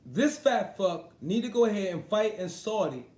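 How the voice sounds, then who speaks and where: A man with a slightly high voice chats on a live stream, swearing freely and breaking into laughter. He talks directly to his viewers as if they are in the room. The sound carries a noticeable roomy echo. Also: very animated, moderate pace, a little mellow. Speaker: sports talk streamer. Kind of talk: casual livestream chat about boxing.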